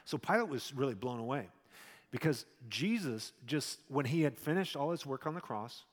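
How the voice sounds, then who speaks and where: A male pastor preaching a sermon in a conversational way, with loud emphatic stretches and quiet asides. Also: mid-range voice, animated, normal speed, big-room sound.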